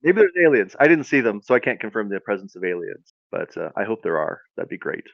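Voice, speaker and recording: A man with a lively, up-and-down voice, chatting as a podcast co-host who is easily amused and sometimes trails off into mumbles. The sound is dry and a bit dull, like a lo-fi mic. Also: fairly low pitch, fast talker, gravelly, no room sound. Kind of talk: casual chat.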